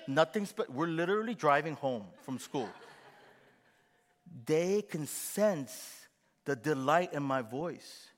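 Animated pastor preaching in a reverberant hall. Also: male voice, on the high side, slow. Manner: animated, acts out quoted voices and gasps. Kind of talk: sermon.

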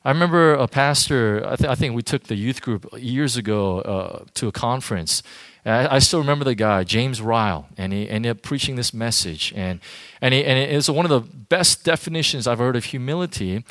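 A man's voice: mid-range voice, fairly quick, fairly bright tone, no room sound, clean studio sound. A man giving an informal sermon to a youth group as their pastor, talking directly and emphatically to the audience.

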